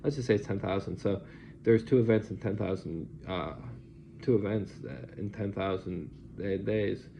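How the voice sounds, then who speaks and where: A man's voice: fairly low pitch, normal speed, vocal fry, mellow. A man rambling through an agitated personal monologue, swearing now and then. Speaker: vlogger. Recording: lo-fi recording with faint hiss.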